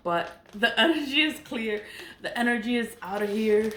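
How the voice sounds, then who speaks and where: Captured on a camera mic in an echoey room with a bit of noise, a middle-aged woman who makes spiritual vlogs chats bluntly and profanely, laughing a lot. Her voice is a little high and fairly bright, and her pace is moderate.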